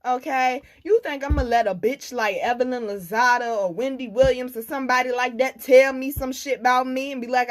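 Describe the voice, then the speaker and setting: Woman, tarot reader, blunt, profane, animated. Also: high-pitched, brisk, hardly any pauses, very noisy. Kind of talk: casual tarot reading monologue.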